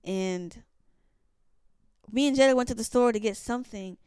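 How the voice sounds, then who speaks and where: A young woman co-hosting a faith podcast, telling stories in a casual, animated way and acting out what people said. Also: on the high side, normal speed, smooth, dry recording, studio quality. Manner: animated storyteller, acts out quotes, many restarts. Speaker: podcast co-host. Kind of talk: casual storytelling chat.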